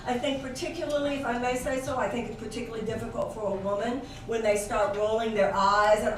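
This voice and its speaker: A woman gives a fiery speech at a live event, stacking rhetorical questions one after another. Her voice sits a touch high and rings through an echoey, noisy bar. The mic is set some distance away from her. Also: fairly quick, hardly any pauses. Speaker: guest speaker. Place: bar venue.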